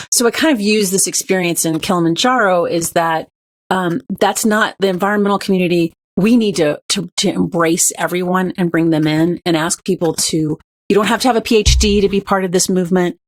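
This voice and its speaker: Lower-voiced woman telling a story. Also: brisk. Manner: earnest, storytelling, upbeat. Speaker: podcast guest, author. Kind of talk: conversational interview.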